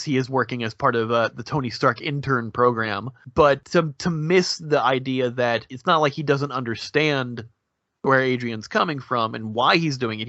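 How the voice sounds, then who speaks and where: A man's voice: medium pitch, bright, forceful tone, no echo, dull audio. A man co-hosting a podcast, talking films in an enthusiastic, analytical way. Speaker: podcast co-host. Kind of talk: casual podcast discussion.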